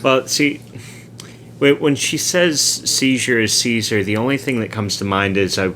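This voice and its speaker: A man co-hosting a podcast, telling a rambling, animated anecdote and acting out the quoted lines. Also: medium pitch, unhurried, a little hiss or hum. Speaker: podcast co-host. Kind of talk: casual storytelling.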